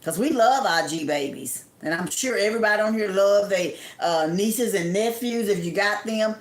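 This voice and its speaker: A woman talks to her live-stream viewers in a loose, chatty way, greeting them by name and sharing advice. Her voice sits at a middle pitch and rings a little in an echoey room. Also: animated, normal speed, few pauses. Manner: chatty, reads viewer comments aloud, preachy advice. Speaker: livestream host. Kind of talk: casual live-stream talk.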